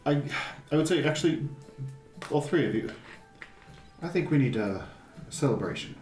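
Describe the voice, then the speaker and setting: A man's voice: fairly high pitch, animated, normal speed, a little mellow, reverberant, soft background music. A man playing a tabletop game, talking in character in a playful way. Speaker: player. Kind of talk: tabletop role-play.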